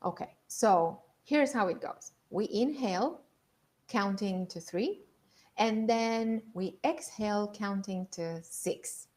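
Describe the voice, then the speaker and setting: A woman teaches breathing and voice exercises in an online masterclass, speaking at an unhurried pace. She guides the listener calmly and repeats her key points. Her pitch sits in the middle range. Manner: calm, guiding, repeats herself to coach the listener. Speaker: leadership coach.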